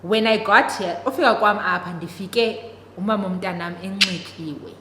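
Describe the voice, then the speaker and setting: A young South African woman whose first language is isiXhosa tells a dramatic story-time tale and keeps talking straight to her viewers. Her voice is bright and crisp. It rings in an echoey room with a long reverb and faint noise behind it. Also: medium pitch, normal speed. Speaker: vlogger.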